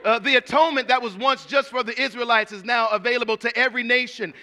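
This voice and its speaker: A male preacher with a high, very bright and forceful voice, delivering a sermon in church. He talks conversationally and with humor, stumbling over repeated words and calling out to listeners by name. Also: steady tone, fast talker. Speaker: pastor.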